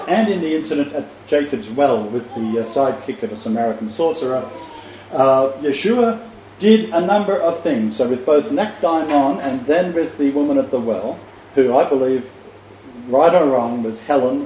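A man with an Australian accent preaching an informal sermon, pausing often, then building with emphatic repetition. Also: mid-range voice, a little hiss or hum. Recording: echoey, distant, dull room recording.

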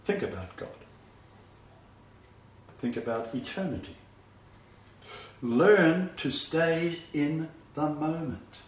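An older male preacher delivering a sermon with a slightly high voice. He lurches from emphatic, raised outbursts to soft, low murmurs. The sound is roomy and distant, picked up from across a reverberant space. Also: takes it slowly, long pauses, a little hiss or hum. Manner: dramatic swings between loud emphatic bursts and hushed low asides. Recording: roomy, distant, dull-sounding hall recording.

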